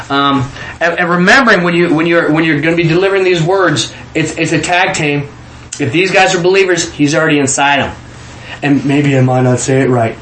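Male preacher, fairly high voice, lively storytelling sermon, echoey room with faint noise. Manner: animated, repeats words when excited, southern 'y'all'. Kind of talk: informal sermon with testimony.

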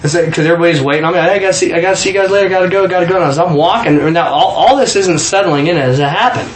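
A guest from Kansas, USA, tells a personal testimony very fast in a voice a little high for a man, animatedly acting out the voices of people in his story. He stumbles, restarts often and laughs as he goes. The casual storytelling carries a clear room echo and a faint hum of ambience.

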